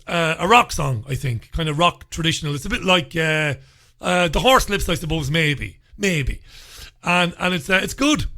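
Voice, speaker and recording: Bright-voiced chatty male radio host. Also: fairly high pitch. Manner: chatty, rambling, with filler words. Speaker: radio talk show host. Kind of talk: casual radio chat.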